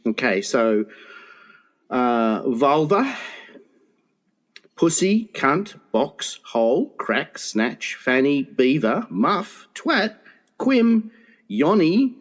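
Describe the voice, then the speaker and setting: A man's voice: drawn-out words, pauses often. A man co-hosting a crude comedy podcast, teasing his partner with stammering, jumpy banter. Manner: teasing, stammering, lively swings in pitch. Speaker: podcast co-host.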